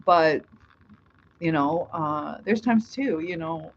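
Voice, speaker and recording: A woman's voice: deep voice, takes it slowly, highs cut off. Chatty woman reading a live chat. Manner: chatty, laughs often, many fillers.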